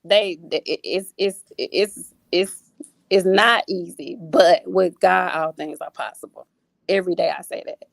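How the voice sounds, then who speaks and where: A woman's voice: fairly low pitch, a little slow, vocal fry, no room sound. A woman guest on a faith talk show, a single mother, speaking with a preachy, repeating style full of restarts.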